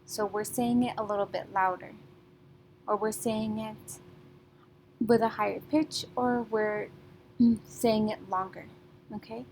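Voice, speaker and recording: A woman teaching a class remotely, patient and methodical, often checking in with "okay?" and clearing her throat now and then. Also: mid-range voice, fairly even intonation, measured pace, long pauses, darkish tone, a little hiss or hum, low-quality recording.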